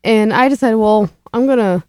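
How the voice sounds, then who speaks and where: A woman with a slightly high voice talks plainly and adds details to a shared story. The recording is dry and close. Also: normal speed, darkish tone, dry recording. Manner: matter-of-fact, fills in details. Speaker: paranormal investigator. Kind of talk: casual chat.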